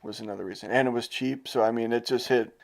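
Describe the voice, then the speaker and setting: A mid-pitched podcast co-host chatting casually about travel. The speech wanders, with frequent hedges and restarts as the story comes together. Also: fairly even intonation, fast talker, creaky. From United States. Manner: rambling, hedging storyteller. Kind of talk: casual chat.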